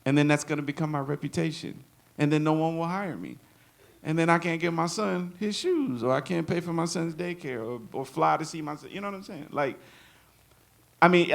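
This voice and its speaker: A man's voice: on the high side, creaky, a bit bright. A man giving a live drum clinic to an audience. He jokes, laughs often and acts out quotes. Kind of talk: live workshop talk and Q&A.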